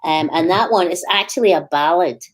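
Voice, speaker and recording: A woman's voice: fairly low pitch, brisk, crowd noise. A Scottish woman from Scotland, a musician guest chatting casually in a radio interview and laughing easily.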